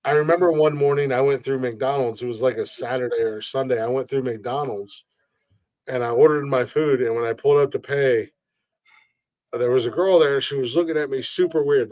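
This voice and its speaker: Male podcast host, casual swearing storyteller, mid-pitched voice, dry close sound. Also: moderate pace, a little mellow, no echo. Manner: profane, rambling storyteller who repeats words. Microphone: streamed podcast mic.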